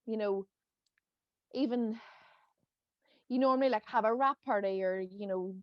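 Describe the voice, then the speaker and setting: A woman's voice: fairly high pitch, a little slow, dry recording, dull audio. A Northern Irish woman in her thirties, a podcast guest rambling casually with lots of "you know" and "like". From Northern Ireland. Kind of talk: casual chat.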